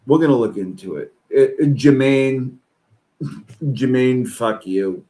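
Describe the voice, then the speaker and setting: A man streaming reaction commentary, ranting angrily and swearing. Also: low-quality recording. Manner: slow-paced, with lively pitch swings. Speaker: streamer reacting to online posts.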